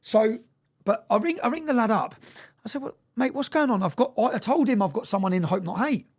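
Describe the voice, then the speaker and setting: High-voiced and animated, with a brisk pace and a slightly mellow quality, a man tells his story as an interview guest. He's emphatic, swears a lot, and keeps checking in with "yeah?"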